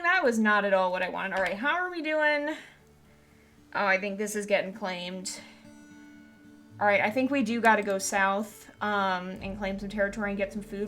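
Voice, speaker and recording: Chatty woman streamer narrating her game. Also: mid-range voice. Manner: chatty, reacts loudly and squeals when scared; soft and gentle when giving advice to viewers. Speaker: gaming streamer. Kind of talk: casual let's-play commentary.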